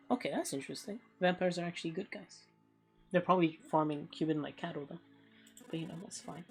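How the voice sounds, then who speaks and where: A woman's voice: lowish voice, brisk, gravelly, faint music behind. A woman streamer giving casual let's play commentary, thinking aloud in a rambling, offhand way.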